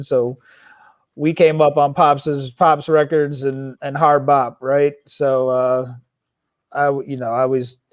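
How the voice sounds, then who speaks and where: A man being interviewed about his music, talking casually and restarting his sentences as he thinks aloud. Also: medium pitch. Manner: halting, restarts often while thinking aloud. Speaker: guest rapper.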